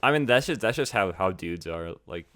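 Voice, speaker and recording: Low-voiced young man, teasing and casual. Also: expressive, brisk, crowd noise. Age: young adult. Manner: teasing, drops to a low mutter at the ends of lines. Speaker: podcast co-host. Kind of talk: casual chat.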